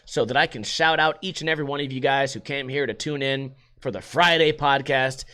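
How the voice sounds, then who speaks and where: A man's voice: mid-range voice, fairly even intonation, a little fast, bright, forceful tone, smooth. A man hosting a casual solo livestream podcast, rambling sarcastically and swearing freely. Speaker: podcast host.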